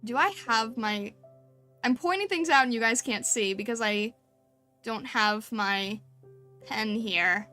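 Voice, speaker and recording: A woman's voice: on the high side, takes it slowly, pauses often, sharp tone, faint music behind. A woman streamer chatting casually and gushing over fan art, full of fillers and little laughs. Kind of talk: casual live-stream chat.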